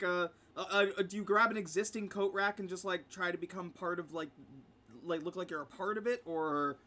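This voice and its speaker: A man's voice: high-pitched, bright, forceful tone. A man narrating as game master for a tabletop game, with frequent ums and easy laughter. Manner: laughs often, many ums.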